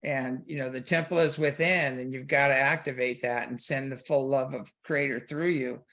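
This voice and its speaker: A man's voice: medium pitch, fairly even intonation, normal speed, bright, forceful tone. A man hosting a talk radio show, telling a personal story in loose, casual conversation full of "you know".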